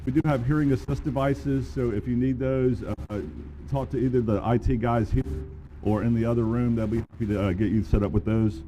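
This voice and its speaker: A man's voice: medium pitch, fairly even intonation, fairly quick, warm tone, soft background music, rough recording. A man with an Alabama accent giving casual, self-deprecating opening remarks at a conference, with many fillers. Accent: Southern US, Alabama. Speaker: conference organizer. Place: conference room. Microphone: handheld or podium mic, cutting out.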